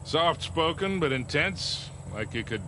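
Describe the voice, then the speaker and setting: A dry, world-weary old smuggler. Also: male voice, on the high side, animated, unhurried, background noise. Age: older. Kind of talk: video game cutscene dialogue.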